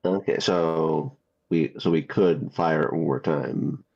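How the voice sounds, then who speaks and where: A man's voice: extremely low pitch, slow, vocal fry, lo-fi sound. A man playing in a casual tabletop game, hesitant and repeating himself as he thinks aloud. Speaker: player.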